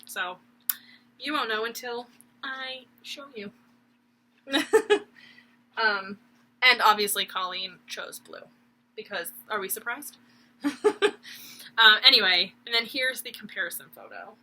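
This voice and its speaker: A woman's voice: medium pitch, takes it slowly, long pauses, sharp tone, poor audio. A young woman, chatting casually and rambling with giggles about her stitching projects at home. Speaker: cross-stitch vlogger. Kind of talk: casual chat.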